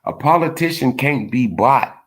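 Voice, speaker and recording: Male vlogger, AAVE speech, angry preachy rant, mid-pitch. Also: expressive, normal speed, fairly bright tone. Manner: frustrated, preachy, repetitive "man" tags. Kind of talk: impassioned monologue.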